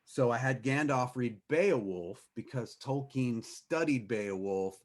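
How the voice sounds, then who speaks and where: A man's voice: mid-range voice, expressive, unhurried. A man hosting a live music stream, chatting casually with hesitant fillers and restarts. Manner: sings with a soaring voice, then talks with hesitant fillers and restarts. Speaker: host.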